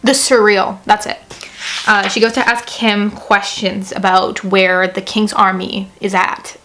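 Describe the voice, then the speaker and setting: A young woman chatting casually in a book review vlog, gushing and excitable, often saying "like" and reading passages aloud. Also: medium pitch, measured pace, faint music behind.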